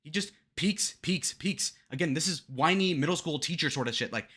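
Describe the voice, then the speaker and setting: A man's voice: fairly high pitch, moderate pace, hardly any pauses, fairly bright tone, breathy edge. A young man hosting a reaction commentary on political debate clips, profane and mocking as he rants.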